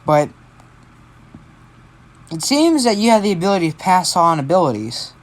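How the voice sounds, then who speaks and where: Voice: mid-range voice, sing-song, moderate pace. A tired amateur storyteller voicing a short, laid-back male skeleton who shrugs things off in an offhand way.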